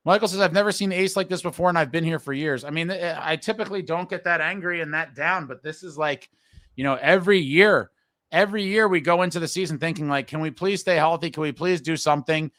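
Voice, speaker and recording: A frustrated male host with a bright, forceful voice and a slightly raised pitch, venting bluntly and casually swearing as he reads viewer comments. The sound is close and dry, with no room echo at all. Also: fast talker. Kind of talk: casual live-stream talk.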